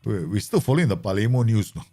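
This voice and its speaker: A man's voice: on the low side, expressive, fast, mellow, faint music behind. A man chatting casually through a live stream of a football management game, laughing often and making playful asides.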